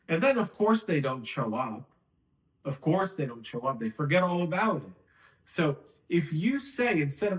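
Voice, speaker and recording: A man teaching a sales technique in a casual, conversational way, acting out phone lines and slowing down to demonstrate them. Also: on the high side, very animated, low-quality recording. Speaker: sales coach. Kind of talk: casual talking-head tutorial.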